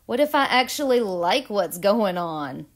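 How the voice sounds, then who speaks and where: Brief: teasing grandmotherly planet Saturn in a tarot vlog, playful and coaxing, a touch low and soft, as a woman puts her on. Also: sing-song, measured pace.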